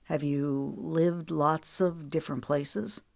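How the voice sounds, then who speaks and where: Audiobook: female narrator playing a weary male country star, lowered voice, soft and curious. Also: fairly even intonation, takes it slowly, creaky, no echo, studio quality, heavily acted.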